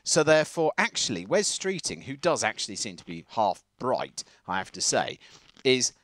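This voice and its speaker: A man with a slightly plummy southern English accent, co-hosting a casual countryside podcast, talking in an animated, rambling way. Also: medium pitch, normal speed, no room sound. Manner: animated, rambling, laughs often. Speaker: podcast co-host. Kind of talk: casual chat.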